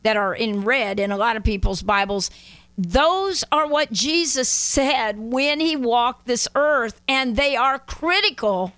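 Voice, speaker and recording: A woman co-host with a fairly high voice, teaching her listeners in an earnest, emphatic way. The sound is dry and close, with no room around it. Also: slow pace, a bit bright, clear, resonant tone, no echo. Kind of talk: Christian teaching talk show.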